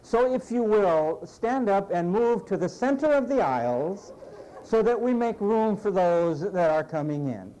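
Animated, mellow-voiced preacher man. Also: sits high, measured pace, rough recording. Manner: animated, conversational preaching, acts out quoted voices. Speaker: pastor. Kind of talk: sermon.

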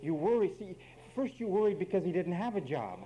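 Mellow-voiced preacher man, emphatic sermon. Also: sits high, very animated, a little fast, a little hiss or hum, rough recording. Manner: emphatic, wry, addresses congregation directly.

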